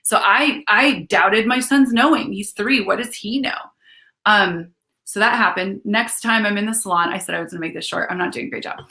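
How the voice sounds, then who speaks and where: A woman chats on a live stream in a loose, unscripted way. She is frank and swears freely. She wanders through her points like a storyteller who keeps adding asides, at an ordinary middle pitch. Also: moderate pace, vocal fry, pushed and bright. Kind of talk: casual live-streamed talk.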